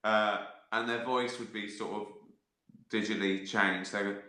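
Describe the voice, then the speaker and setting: Answering viewer questions on a casual livestream, this man rambles with plenty of fillers, restarts and offhand swearing. He speaks at normal speed in a lowish, pushed, bright voice with fairly even intonation, picked up by a phone or laptop in an echoey room.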